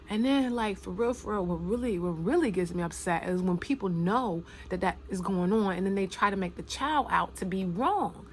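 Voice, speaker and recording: A woman gives casual spoken commentary at a medium pitch and normal speed, with slight background noise behind her. She's emphatic and slangy, repeating phrases for stress and occasionally dropping to a hushed near-whisper.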